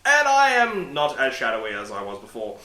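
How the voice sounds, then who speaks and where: A man chats to his laptop webcam in a casual, rambling vlog, poking fun at himself and swearing freely. His voice is bright and forceful. The room around him rings with noticeable echo. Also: mid-range voice, wildly swooping pitch, a little fast. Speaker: vlogger. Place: room at home by a window. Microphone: laptop webcam mic.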